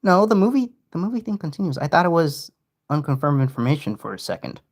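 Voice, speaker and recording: High-ish and quick, the young man's voice carries rambling, offhand livestream chatter. He stays animated throughout, frequently stopping himself to jump to something else.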